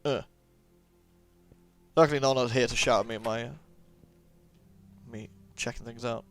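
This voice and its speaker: A man's voice: mid-range voice, steady tone, normal speed, fairly bright tone, soft background music. A man commentating a game playthrough, chatty and sarcastic, joking at the characters. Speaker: let's play host. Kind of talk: gameplay commentary.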